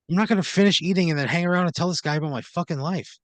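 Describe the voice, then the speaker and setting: A man's voice: high-pitched, no room sound. A man on a comedy podcast reacting with grumpy, exasperated, profane pushback. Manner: grumpy, exasperated, swears a lot. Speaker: podcast co-host. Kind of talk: comedic banter.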